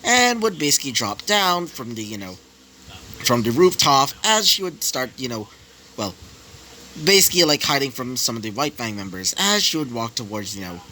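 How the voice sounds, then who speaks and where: A man's voice: medium pitch, very animated, normal speed, sharp tone, slight background noise, low-quality recording. A man improvising a fan story, rambling with many fillers.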